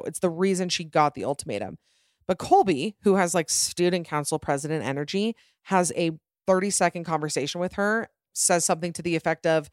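A woman's voice: lowish voice, no echo, studio quality. A woman hosting a show, sarcastically recapping a reality TV series and slipping into mocking impressions of the cast. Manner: sarcastic, lively, mimics people in funny voices. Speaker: host of a reality TV commentary show.

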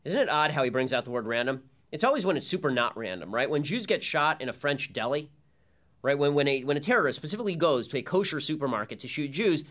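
A man's voice: on the high side, expressive, fast talker, fairly bright tone. A man hosting a political commentary show, talking emphatically with sarcastic rhetorical questions. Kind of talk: opinion commentary monologue.

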